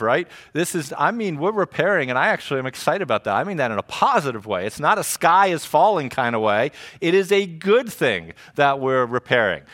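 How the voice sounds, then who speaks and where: A middle-aged male pastor delivering a lively, joking sermon to a congregation, talking to them like friends. His voice sits a touch higher than most men's. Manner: animated, joking, conversational preaching. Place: church service before a congregation.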